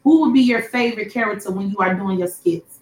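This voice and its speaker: A woman's voice: medium pitch, fast talker. Woman interviewer in an echoey room. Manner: long rambling questions, affirming replies. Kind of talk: casual interview. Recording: roomy echo.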